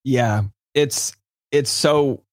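A man's voice: medium pitch, drawn-out words, no room sound, studio quality. A man guesting on a casual recap chat, rambling with restarts and frequent laughs.

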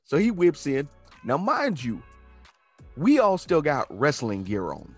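A man's voice: a little high, huge pitch swings, a little slow, slightly rough, soft background music. A man telling a long, profane anecdote as a comedian guest on a podcast. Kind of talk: storytelling in a podcast chat.

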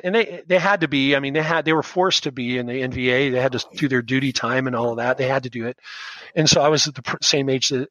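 Man, 50s, earnest storyteller, mid-pitched voice, dry close mic. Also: fairly bright tone, no room sound, lo-fi sound. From United States. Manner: earnest, rambling with frequent restarts. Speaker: guest, schoolteacher. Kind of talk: personal storytelling in a podcast interview.

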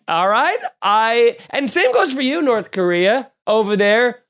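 A man's voice: very high voice, very animated, unhurried, few pauses, a bit bright. A man with a Long Island accent hosting a casual comedy podcast, rambling and joking with frequent self-corrections. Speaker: podcast host.

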